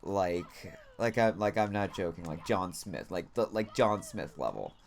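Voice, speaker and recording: A man streaming a game and chatting casually, with a slightly low voice. He rambles through his story, leaning on "like" and "you know" every few words and dropping casual swears along the way. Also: animated, measured pace.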